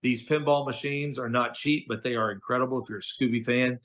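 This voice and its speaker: A middle-aged man, a voice actor who is a guest in a casual interview, telling stories in an animated, slangy way. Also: mid-range voice, a little fast. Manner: animated, chatty storyteller, slangy with "dude" and "okay?".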